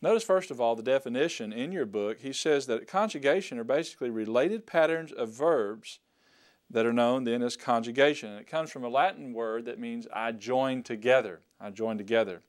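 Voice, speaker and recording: Man, Greek lesson teacher, smooth resonant voice, mid pitch, slow deliberate delivery, repeats words. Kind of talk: recorded classroom lesson.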